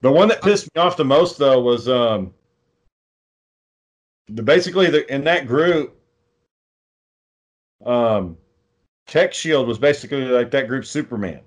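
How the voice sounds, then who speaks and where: A man's voice: mid-range voice, animated, unhurried, pauses often. A man, telling rambling, profane stories in a casual chat. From Texas. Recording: dull lo-fi sound.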